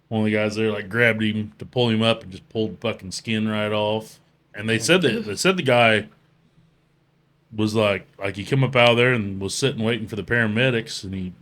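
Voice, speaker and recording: A man's voice: lowish voice, a bit bright. A man hosting a casual podcast chat, telling rambling, profane work stories among friends. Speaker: podcast host.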